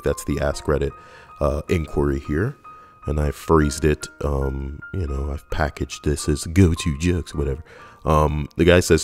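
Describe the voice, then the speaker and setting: A deadpan, sardonic man reads jokes aloud in a casual comic style and swears now and then. His voice sits very low, with faint music under it. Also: moderate pace. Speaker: comedy YouTuber reading jokes. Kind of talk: casual comic joke reading.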